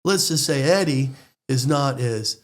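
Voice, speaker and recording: An American man telling a story in a lively, excitable way, speaking in quick bursts. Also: medium pitch. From United States. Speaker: storyteller guest. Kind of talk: animated storytelling.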